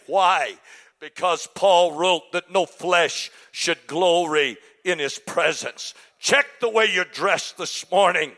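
A male preacher with a bright, ringing voice that sits a little higher than most men's. He swings between shouted calls to the congregation and hushed, almost whispered confession. This is a church sermon, delivered live. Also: slow. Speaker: pastor. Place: church sanctuary.

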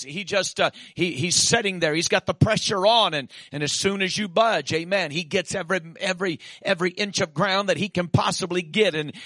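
A man preaching a sermon, swinging from shouted peaks to quiet asides and dropping in "amen.". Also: sits high, dry recording, studio quality.

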